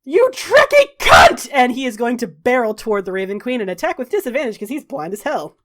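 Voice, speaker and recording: A woman running a tabletop game as game master, narrating and calling the rules briskly with offhand fillers. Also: on the high side, expressive.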